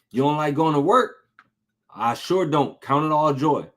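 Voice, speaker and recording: Preacher guy, fairly high voice, slow and drawn out, lots of rhetorical questions. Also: fairly bright tone. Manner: conversational, repeats phrases for emphasis, asks rhetorical questions. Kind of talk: informal sermon.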